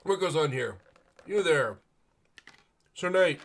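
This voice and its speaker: A man voicing a brusque male city guardsman who barks loud questions at a knight. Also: a little high, expressive, slow pace, voice pushed up, exaggerated voice. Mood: demanding. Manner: loud, demanding, barking questions.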